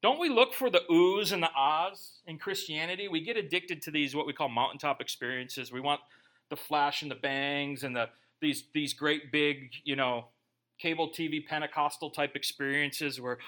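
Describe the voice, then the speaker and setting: A man's voice: a little high, expressive, normal speed, sharp tone. A man preaching a sermon in a conversational way, with joking asides. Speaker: pastor.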